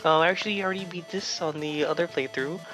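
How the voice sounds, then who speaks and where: A man voicing an overly polite, humble, soft-spoken gamer persona, giving slow, gentle let's-play commentary over game music. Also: fairly high pitch, voice pushed up, lightly acted, rough recording. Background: video game music.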